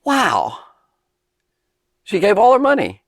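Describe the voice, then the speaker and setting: A man's voice: high-pitched, wildly swooping pitch, takes it slowly, no echo, studio quality. Enthusiastic man teaching the Bible to kids. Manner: chatty, enthusiastic, digressive, emphatic. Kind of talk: informal Bible lesson for kids.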